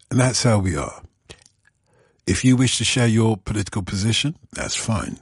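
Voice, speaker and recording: A male radio phone-in presenter, talking at length to his listeners in an earnest, conversational way. His voice sits low and a little husky, with a lively, swinging pitch. The studio sound is close and dry. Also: no echo. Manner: earnest, explaining at length, then chatty and laughing with callers. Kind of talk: casual radio phone-in chat. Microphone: studio microphone.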